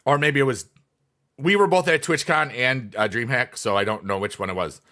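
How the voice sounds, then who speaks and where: Rambling bright-voiced male streamer. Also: mid-range voice, normal speed. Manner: rambling, many fillers, reads chat aloud. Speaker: livestreamer, former teacher. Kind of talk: casual livestream chat.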